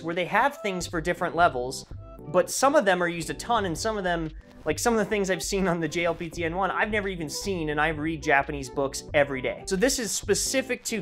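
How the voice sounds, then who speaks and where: A man giving a casual, energetic textbook review vlog, joking and poking fun at himself, with big jumps in pitch. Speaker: language-learning reviewer.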